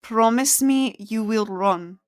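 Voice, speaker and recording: A woman voicing a fading spirit of a lover in a tabletop game, speaking softly. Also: a little high, slow. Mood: urgent.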